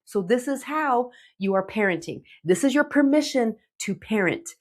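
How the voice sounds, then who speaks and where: A woman's voice: fairly high pitch, normal speed. A middle-aged woman, a teen relationship coach, giving emphatic direct-to-camera advice to parents and checking in with "okay?". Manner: animated, emphatic, checks in with 'okay?'.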